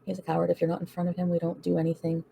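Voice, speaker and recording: A woman hosts a casual livestream, reading viewer comments aloud and answering them bluntly, profanely and defiantly, laughing often. Her voice is on the low side, monotone and rapid-fire, with vocal fry and a dark tone, over slight background noise.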